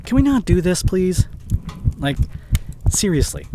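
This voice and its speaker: An overworked young boyfriend with a short fuse but a loving heart, as a man acts him out. His pitch swings widely as he talks close to the mic in an intimate audio roleplay drama. A faint hiss sits under his voice. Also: very animated, normal speed, lightly acted. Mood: exasperated. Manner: emotionally charged, intimate second-person address. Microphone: close studio condenser mic.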